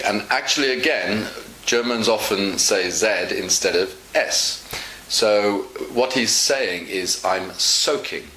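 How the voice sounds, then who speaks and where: Slow, low-voiced male English teacher. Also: bright, forceful tone. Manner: explains slowly and patiently, with many fillers. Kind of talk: casual online English lesson. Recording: echoey room with faint hiss.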